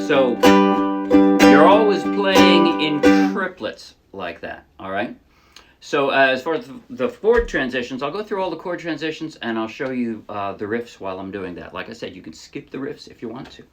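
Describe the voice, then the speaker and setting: A man's voice: mid-range voice, expressive, normal speed, music in the background. A man teaching a ukulele song in a casual tutorial, explaining patiently step by step and encouraging beginners. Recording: ukulele playing loudly under voice.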